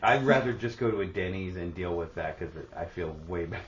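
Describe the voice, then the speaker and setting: A man's voice: sits low, animated, a little fast, muffled recording, slight background noise. A man co-hosting a podcast, chatting casually and throwing in dry joking remarks. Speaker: podcast co-host. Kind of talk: casual chat, wry interjections.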